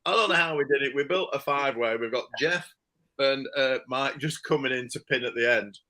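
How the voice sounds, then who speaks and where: A man telling a casual anecdote, animated and laughing as he acts out the people he quotes. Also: mid-range voice, fairly quick, rough recording. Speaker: storyteller.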